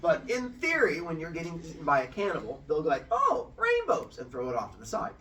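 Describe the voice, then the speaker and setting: A man's voice: on the high side, sing-song, fast, a bit bright. A man teaching children, retelling a myth playfully and quizzing the class. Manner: playful, asks the class questions. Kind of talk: animated storytelling lesson to children. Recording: from far off in a classroom.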